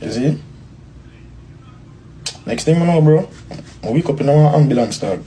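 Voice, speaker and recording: Young man, rambling storyteller, mellow dark tone. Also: mid-range voice, animated, moderate pace, pauses often, a little hiss or hum, poor audio. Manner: rambling, repetitive, peppered with bro and dog. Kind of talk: interview clip, personal story.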